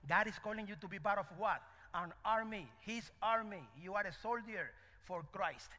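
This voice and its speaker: High, bright-voiced preacher man in a hall. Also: normal speed. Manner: animated, call-and-response questions. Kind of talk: sermon. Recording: echoey hall.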